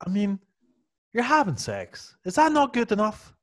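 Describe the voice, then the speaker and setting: Sweary man with lively pitch. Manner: swears freely, quick comic asides. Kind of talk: casual chat.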